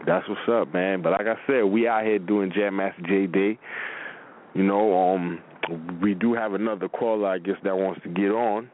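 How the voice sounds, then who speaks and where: A man's voice: low voice, steady tone, normal speed. A man hosting a radio show, chatting casually with callers in a laid-back way full of fillers. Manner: laid-back, filler-heavy talk with frequent laughs. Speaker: radio host. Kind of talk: casual on-air chat with callers. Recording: phone-like narrow radio audio with faint noise.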